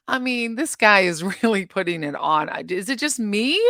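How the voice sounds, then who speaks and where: A woman's voice: mid-range voice, moderate pace, a bit bright, dry recording. Chatty woman with a dry close sound. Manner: chatty, rambling, laughs often. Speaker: channel host reacting to news. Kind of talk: casual reaction vlog.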